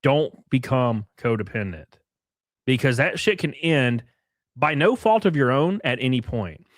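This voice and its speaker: A man's voice: medium pitch, lively intonation, unhurried, no room sound, clean studio sound. Blunt, profane male streamer. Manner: profane, blunt, reads out viewer messages. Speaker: livestream host. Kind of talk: casual livestream chat.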